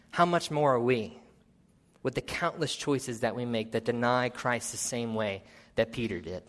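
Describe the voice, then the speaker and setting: Guy preaching, earnest, reads scripture slow then punches key lines. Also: a bit bright. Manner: earnest, rising to emphasis and dropping low at solemn points; reads scripture aloud with measured pauses. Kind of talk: sermon.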